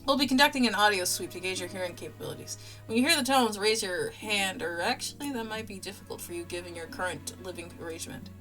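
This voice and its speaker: A woman's voice: medium pitch, bright, forceful tone, soft background music, close to an everyday voice. Woman voicing a chipper lab AI assistant. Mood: chipper clinical. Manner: chipper, clinical, briskly upbeat. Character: cheerful female lab AI assistant.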